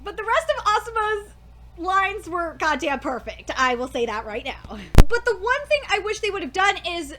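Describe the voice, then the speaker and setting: A woman giving a casual anime review, gushing and excitable, swearing and laughing often, rambling with lots of fillers. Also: extremely high pitch, moderate pace, background noise. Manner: rambling with many fillers and restarts.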